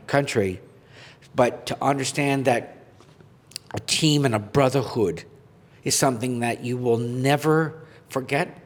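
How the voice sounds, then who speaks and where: A man's voice: mid-range voice, darkish tone. A man from Canada tells his playing story in an earnest, heartfelt way. His voice rings out with a long reverb tail, as if he is in a big hall. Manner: earnest, heartfelt, reads a list of names aloud. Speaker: podcast guest, former goaltender. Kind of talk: emotional storytelling.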